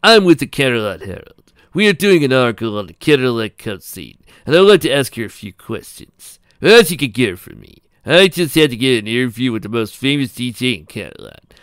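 A man voicing a charming male pony who poses as a reporter, speaking loudly and eagerly in a read-aloud pony story. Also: medium pitch, animated, normal speed, no room sound, clean studio sound, close to an everyday voice. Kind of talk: fan fiction read aloud.

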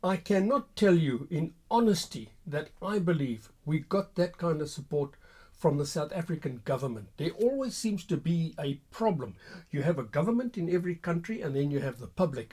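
An older man, an army veteran answering viewers' questions with an unhurried, hesitant spoken reminiscence. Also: a little high, expressive, dark tone, slightly rough. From Rhodesia. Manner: unhurried, hesitant, with frequent pauses.

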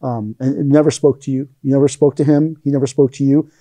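Man telling stories in a warm, dry voice. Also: mid-range voice, level tone, fast talker, no room sound. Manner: rambling anecdotes, acts out quoted lines. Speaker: interview guest, aikido teacher. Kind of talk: casual storytelling interview.

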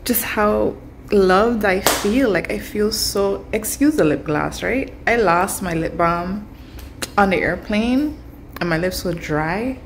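A woman's voice: medium pitch, a little slow, vocal fry, background noise. A young woman vlogging casually to her phone camera, chatty and emotional, talking straight to her viewers. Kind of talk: casual vlog talk to camera.

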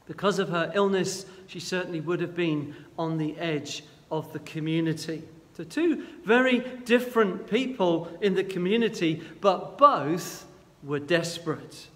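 A man preaching a sermon as a guest, retelling a Bible story in an earnest, gentle and halting way. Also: high voice, big-room sound.

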